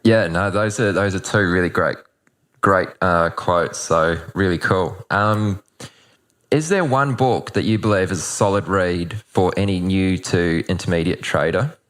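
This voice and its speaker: A man's voice: low voice, measured pace, fairly bright tone. A man hosting a podcast, briefly affirming his guest before asking a question. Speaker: podcast host. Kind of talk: interview questions.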